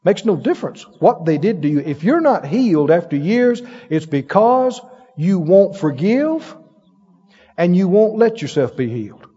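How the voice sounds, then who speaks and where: Preacher, male, lively storytelling sermon, high voice with big swings, dull sound with a long hall echo. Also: a little slow, husky. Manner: animated storytelling with laughs and acted-out quotes.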